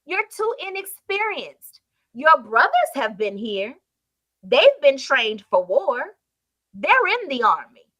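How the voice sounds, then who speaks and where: A woman's voice: high voice, sing-song, slow, pushed and bright, voice pushed up, full character voice. A woman doing a stern, scolding king. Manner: incredulous, scolding questions.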